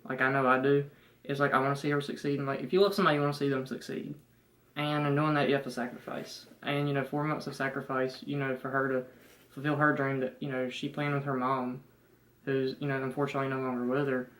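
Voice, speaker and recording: Flat-voiced young man, country accent. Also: mid-range voice, fast talker, low-quality recording. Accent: Southern US country. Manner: rambling, heavy fillers, earnest. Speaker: fiancé, guest. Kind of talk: casual chat.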